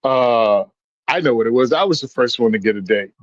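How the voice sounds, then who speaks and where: Animated male storyteller, dull dry sound. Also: medium pitch, a little fast, no room sound. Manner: animated storyteller, acts out quoted voices. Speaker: podcast guest. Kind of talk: casual storytelling chat.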